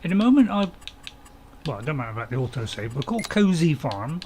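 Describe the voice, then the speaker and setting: Chatty man with lively pitch. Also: a little fast, slight background noise. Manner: rambling, chatty, apologetic, chuckles often. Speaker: gaming channel host. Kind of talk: casual let's-play commentary, chatting with viewers.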